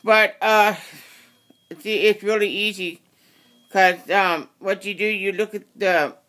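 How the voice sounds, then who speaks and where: Craft tutorial host, casual and rambling, apologetic, unhurried pace, bright tense tone. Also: medium pitch, fairly even intonation. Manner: rambling, self-correcting, apologetic. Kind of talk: casual how-to demonstration.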